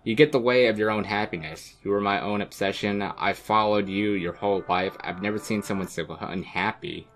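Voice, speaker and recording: A man's voice: fairly low pitch, normal speed, hardly any pauses, a bit bright, faint music behind. A man voicing a cruel, contemptuous young woman on a blind date, reading game dialogue aloud in a cold, relentless way. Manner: cold, cutting, relentless insults.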